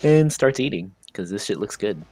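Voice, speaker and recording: A man's voice: fairly low pitch, expressive, moderate pace, a little mellow, slightly rough, dry recording. A man playing a tabletop game, talking in a laid-back, joking way. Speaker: player. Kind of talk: casual tabletop play.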